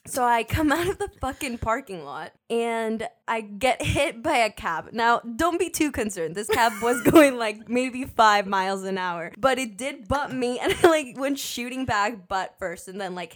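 A young woman telling funny stories in casual chat as a co-host, laughing often and swearing freely. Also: a little high. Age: young adult. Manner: laughs often, loose and profane.

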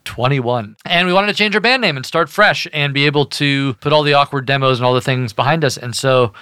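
Brief: young man, podcast co-host, teasing storyteller, bright tone, dry sound. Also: medium pitch, fairly quick, clean tone, no room sound. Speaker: band member co-hosting a podcast. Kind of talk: casual chat.

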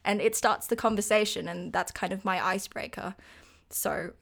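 A woman's voice: mid-range voice, fairly even intonation, normal speed, creaky. Woman, young adult, casual chat, giggly, self-deprecating.

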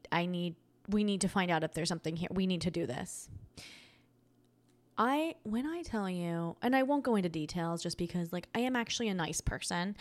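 A young woman hosting a podcast, telling a breakup story in a casual, animated way, often laughing and getting loud and high when worked up. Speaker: podcast host.

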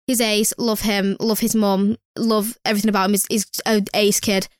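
A woman's voice: mid-range voice, flat delivery, moderate pace, no room sound, clean studio sound. A young woman, an emotional nursery worker chatting casually with lots of fillers. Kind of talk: casual chat.

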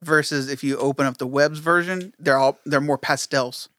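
Male co-host, quick animated storyteller, higher voice, dry room. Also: dry recording. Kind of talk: casual chat.

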